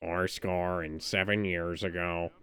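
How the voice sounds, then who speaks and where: Host doing a deadpan, monotone Squidward, low and dry. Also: unhurried, clear, resonant tone, no echo. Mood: deadpan solemn. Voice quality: flat monotone drone. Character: monotone Squidward reciting a presidential speech.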